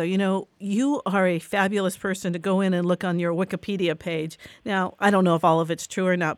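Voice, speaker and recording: A woman's voice: lowish voice, no room sound. A woman hosting an interview, listening attentively and responding with short affirmations and questions. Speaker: host.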